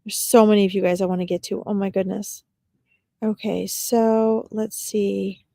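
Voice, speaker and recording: A woman giving a live-streamed psychic reading as a medium, talking in a gentle, reassuring way with frequent pauses and fillers. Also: mid-range voice, little pitch movement, creaky, no echo, studio quality. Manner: gentle, reassuring address to viewers.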